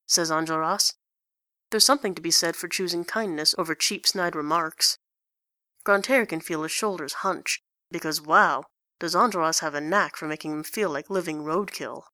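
A woman's voice: on the low side, moderate pace, sharp tone, no room sound. A woman reading a story aloud in a dry, wry narrating manner. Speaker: story reader. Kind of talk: reading fan fiction aloud.

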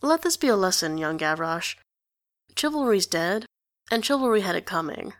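A woman's voice: mid-range voice, very animated, normal speed, dry recording, studio quality, lightly acted. A woman voicing a brash, bossy teenage girl with wry, crude humor.

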